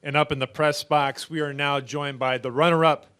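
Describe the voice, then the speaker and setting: A man moderating a press conference, introducing guests and posing questions in a steady, announcer-like way. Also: fairly high pitch, normal speed, slight background noise. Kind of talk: formal announcing. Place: post-race press room.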